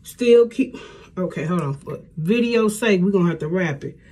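A middle-aged woman talking casually to her viewers at home, chatty and warm with plenty of y'all. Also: lowish voice, expressive, moderate pace, a little hiss or hum. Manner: chatty, addresses viewers as y'all, Southern US speech. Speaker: hair vlogger. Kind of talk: casual vlog chat.

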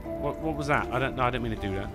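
A man's voice: medium pitch, very fast, loud music behind the voice. A man streaming a video game, rambling, swearing and mocking himself as he plays. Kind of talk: let's play commentary.

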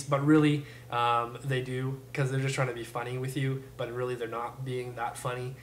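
Young guy teaching fast and goofy, kinda high voice, echoey room. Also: fairly even intonation, a little hiss or hum. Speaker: language teacher. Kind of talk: jokey casual lesson.

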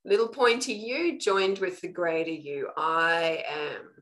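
An Australian woman teaches a spiritual lesson live online, coaching with real earnestness and often checking in with listeners through a quick "okay." Her voice is medium in pitch with big swings up and down, and the recording is rough.

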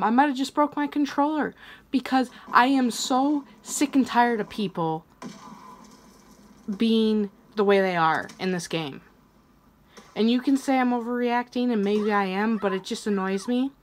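A young woman hosting a gaming channel, commenting on her own online match and quick to rage, swearing and yelling at other players. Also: on the high side, a little hiss or hum. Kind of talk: live gameplay commentary.

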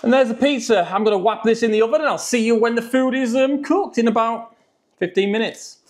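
A man's voice: very high-pitched, brisk. A man reviewing frozen food in a jokey, chatty vlog.

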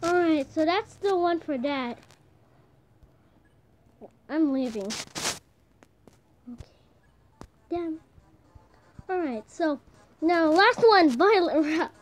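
A young woman giving casual gameplay commentary, excitable, shouting and swearing at the game. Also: very high-pitched, slow pace, long pauses, slight background noise. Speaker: gamer.

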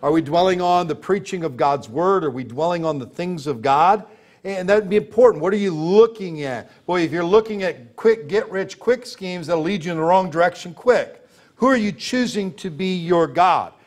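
A man's voice: sits high, lively intonation, normal speed. A man preaching a sermon as pastor, emphatic and full of rhetorical questions, laughing as he tells stories.

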